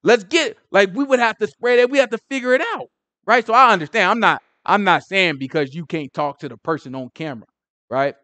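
A man's voice: high-pitched, fairly quick, pushed and bright, dry recording. A man giving casual, emphatic Bible teaching, full of rhetorical questions and conversational asides. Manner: frequent "you know what I'm saying". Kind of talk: casual street-style teaching.

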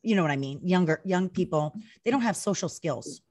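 A woman's voice: lowish voice, brisk. A woman, a retired wrestler, chatting in an interview, telling stories with acted-out quotes and lots of "like" and "you know". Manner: chatty, animated storytelling full of acted-out quotes; heavy use of "like" and "you know". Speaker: retired pro wrestler guest. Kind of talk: casual interview chat.

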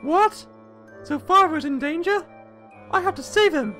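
A man voicing an anxious, earnest young girl with a high, girlish voice. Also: expressive, moderate pace, pushed and bright, soft background music, exaggerated voice. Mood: worried.

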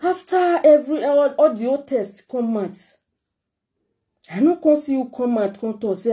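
A woman's voice: high voice, lively intonation, moderate pace, warm tone. A middle-aged woman with a Nigerian accent, giving a heartfelt, emotional message to her followers as a vlogger. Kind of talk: emotional direct-to-camera message.

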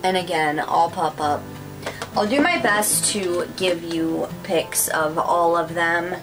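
A woman's voice: on the low side, slow pace, music in the background, rough recording. A woman chatting casually to her viewers about craft and decor finds, gushing with lots of fillers. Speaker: craft vlogger. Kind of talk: casual haul chat to camera.

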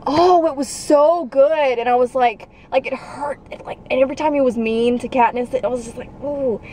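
A young woman chatting excitedly about a film in a parked car. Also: high voice, fairly quick, slight background noise, poor audio. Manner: gushing, bursts into loud acted quotes. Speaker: vlogger. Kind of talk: excited casual chat.

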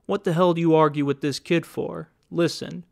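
Bossy hired gunman barking short orders, a touch high as a male reader puts him on. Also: fairly even intonation, normal speed, gravelly, dry recording, studio quality. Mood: commanding. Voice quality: clipped, commanding.

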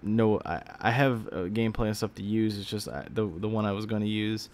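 A tired young Texan man with a lowish, brisk, slightly mellow voice rambles casually about his gaming videos. As a gaming YouTuber in vlog mode, he fills his talk with fillers and restarts. Faint background noise sits under the recording.

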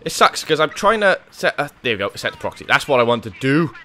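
A man's voice: mid-range voice, very animated, quick pace, pushed and bright, faint music behind. A man giving live, panicky commentary on his own gameplay, swearing and talking to himself. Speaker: gaming YouTuber.

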